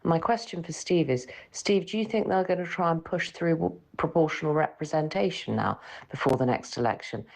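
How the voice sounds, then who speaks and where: A female radio caller with an exceptionally low voice and a gravelly rasp. She sounds anxious and earnest as she lays out her worry. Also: brisk, darkish tone, poor audio. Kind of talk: phone-in question.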